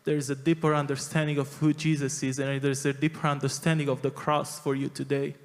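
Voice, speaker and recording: A man's voice: mid-range voice, flat delivery, a little fast, long reverb tail. A man preaching a sermon in a church, earnest and emphatic, often restarting his phrases. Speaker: pastor. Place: large church hall.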